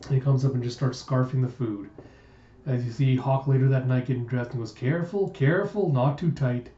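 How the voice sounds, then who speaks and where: A man reads a comic aloud casually, narrating the scenes and chuckling as he goes, often restarting his lines. His medium-pitched voice is warm but flat and a little fast, captured in roomy, dull lo-fi sound.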